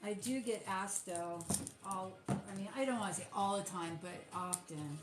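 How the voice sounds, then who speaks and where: A woman who runs a small soap business chats casually on a livestream while packing orders, rambling and using lots of fillers. Her voice is medium-pitched at a moderate pace, and the recording sounds roomy with music playing behind her.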